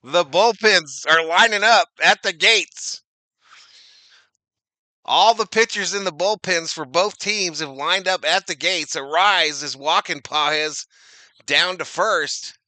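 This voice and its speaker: A man's voice: high-pitched, takes it slowly, sharp tone, dry recording. A man giving casual, slangy fan play-by-play of a baseball game, laughing often and reading chat comments aloud. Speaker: live-stream baseball commentator.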